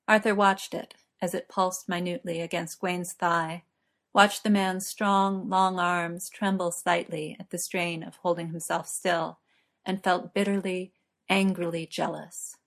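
A woman narrates a story in a steady, measured way. Her voice sits low and even as she reads. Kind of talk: story reading.

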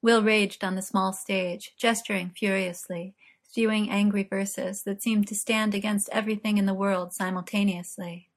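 A woman narrating fiction aloud in an expressive, unhurried reading. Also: mid-range voice.

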